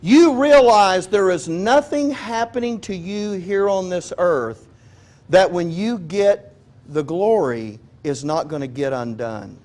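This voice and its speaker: Lively high-voiced man preaching a sermon. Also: slow pace. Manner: conversational and joking, asks the audience questions often. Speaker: pastor.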